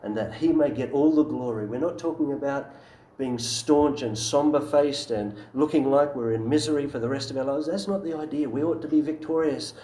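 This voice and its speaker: A man's voice: mid-range voice, fairly quick, mellow, echoey room, low-quality recording. A man preaching a sermon in an earnest, emphatic way, often asking rhetorical questions.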